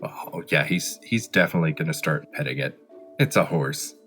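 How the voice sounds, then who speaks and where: A man's voice: extremely low pitch, expressive, normal speed, a bit bright, faint music behind. A man playing in a tabletop role-playing game, speaking in an easygoing way with hesitant fillers. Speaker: player. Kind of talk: tabletop role-play chat.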